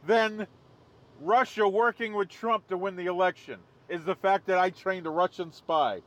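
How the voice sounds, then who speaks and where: A man's voice: high voice, lively intonation, unhurried. A man hosting a live stream outdoors, joking casually and laughing at his own jokes. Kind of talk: casual livestream commentary.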